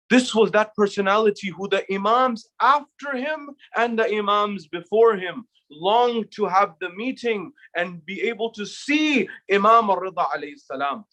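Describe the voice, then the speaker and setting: A man giving a measured sermon, opening with Arabic recitation and posing rhetorical questions to the audience. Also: sits high, sharp tone. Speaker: speaker at an Islamic center.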